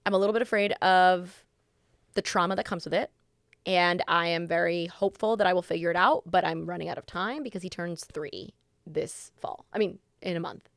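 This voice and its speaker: A young woman co-hosting a podcast, chatting casually and acting out quotes in a lively, animated way. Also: fairly quick, gravelly, no echo, studio quality. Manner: animated, acts out quotes in a high voice. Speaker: podcast co-host. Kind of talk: casual chat.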